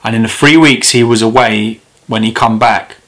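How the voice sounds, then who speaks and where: A man's voice: on the low side, steady tone, normal speed, a bit bright. A man preaching an informal sermon, reading scripture and speaking earnestly and with growing passion. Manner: earnest, grows impassioned and emphatic.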